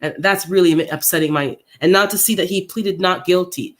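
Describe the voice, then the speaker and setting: A man hosting a casual livestream for his viewers, upset and unsettled, who thinks out loud in a halting way and often repeats his words. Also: high voice, steady tone. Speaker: gardening channel host.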